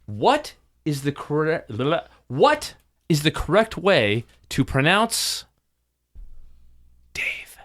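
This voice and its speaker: Lively, swearing male podcast co-host. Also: on the high side, extremely slow. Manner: animated, sweary, mock-exasperated. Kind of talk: casual banter, reading listener mail.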